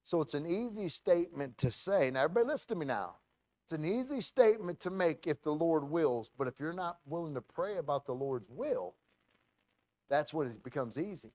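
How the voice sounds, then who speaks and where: Lively preacher telling a story in a dry room. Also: male voice, fairly high pitch, a little fast, dry recording. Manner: animated storytelling with many restarts and acted quotes. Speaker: pastor. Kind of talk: sermon storytelling.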